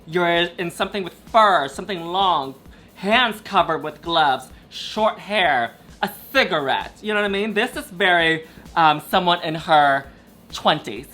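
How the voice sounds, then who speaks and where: Chatty New host on a video call. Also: male voice, a little high, animated, pushed and bright, soft background music. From New York. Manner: chatty, drawn-out, playful. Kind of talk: casual chat reviewing looks.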